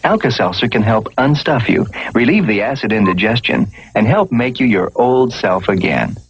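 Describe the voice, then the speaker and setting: An actor playing a male ad announcer, reading a commercial voice-over in a measured selling tone. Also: mid-range voice, expressive, breathy edge. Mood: persuasive. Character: smooth adult male ad announcer. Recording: dull lo-fi old commercial audio with music.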